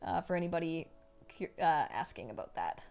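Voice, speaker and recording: Excitable young woman gushing on stream. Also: low-pitched, a little fast, vocal fry, soft background music. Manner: gushing, excitable, laughs and squeals. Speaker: streamer reading a novel aloud. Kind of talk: live-stream read-along with reactions.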